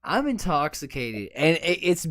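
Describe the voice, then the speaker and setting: A man with a fairly high voice tells a story in a rambling, stop-start way, stumbling over his own words and swearing freely. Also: big pitch swings, unhurried, a bit bright. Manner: rambling, repeats words, profane. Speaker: podcast co-host. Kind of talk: casual drunken storytelling.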